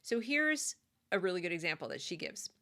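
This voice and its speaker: A woman's voice: fairly low pitch, very animated, brisk, fairly bright tone. An American woman living in the South gives a conversational, opinionated monologue with fillers and restarts. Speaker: commentary host.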